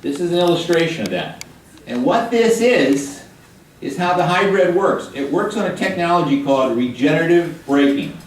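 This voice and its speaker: An older man giving a guest lecture to high school students, chatty and joking as he quizzes the room. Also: sing-song, moderate pace, slight background noise. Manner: chatty, jokey, quizzes the audience. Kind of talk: classroom lecture with questions to students. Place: high school hall or classroom. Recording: echoey room, mic at a distance.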